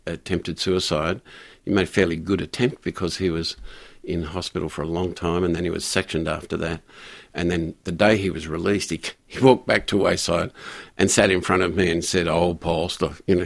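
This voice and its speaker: An older man telling a story in a radio interview, halting with frequent restarts and fillers. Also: low voice, gravelly. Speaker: guest, community pastor.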